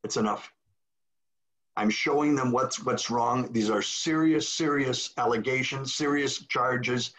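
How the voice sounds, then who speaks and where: A retired priest, an older man, narrates a story on a video call, performing the voices of those he quotes. His mid-range voice moves a little slowly and carries a slightly bright tone, and the call audio is dull and lo-fi.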